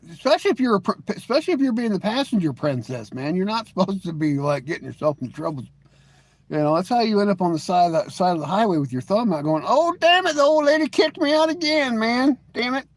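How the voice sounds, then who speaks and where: A middle-aged man hosting a live stream, chatting casually with viewers. He rambles, jokes and leans on "you know" as he talks. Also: sits high. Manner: rambling and joking, full of "you know" and restarts.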